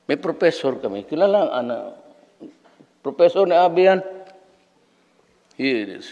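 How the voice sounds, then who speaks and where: A man in his seventies with a Filipino accent, telling rambling anecdotes in a commencement speech and mixing two languages. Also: medium pitch. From Philippines. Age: 70s. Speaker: speaker at a commencement. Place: large hall. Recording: long hall reverb.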